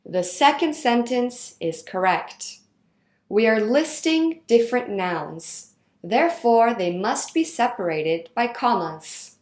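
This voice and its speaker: A woman reading out a grammar lesson in a clear, instructional way. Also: a little high, expressive, darkish tone, reverberant. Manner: slow, clear instructional delivery. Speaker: teacher. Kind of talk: scripted lesson narration.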